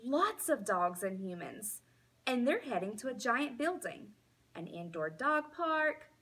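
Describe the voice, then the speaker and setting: A woman teacher reading a children's storybook aloud in a slow, expressive way. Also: mid-range voice, slightly rough.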